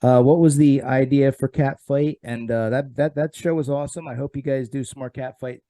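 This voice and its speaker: A man's voice: mid-range voice, fairly even intonation, moderate pace, mellow, dry recording. A man from South Jersey hosting a casual live-streamed interview, talking in a scattered, chatty way. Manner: chatty, scattered, talks to his dog mid-show. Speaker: host. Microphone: computer mic on a live stream.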